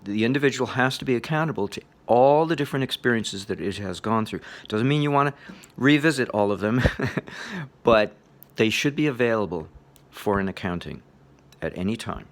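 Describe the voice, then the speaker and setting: A man giving a relaxed spoken lecture on meditation, chuckling often in a loose, playful way. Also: mid-range voice, normal speed. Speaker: meditation teacher.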